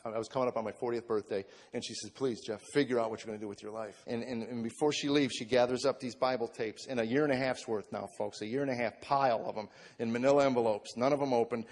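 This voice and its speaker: A man's voice: mid-range voice, darkish tone. A man in his forties telling a heartfelt personal story to a live audience, acting out what others said to him. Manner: earnest storytelling, acts out quoted voices. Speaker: comedian giving testimony. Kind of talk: spoken testimony to a live audience. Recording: long hall reverb.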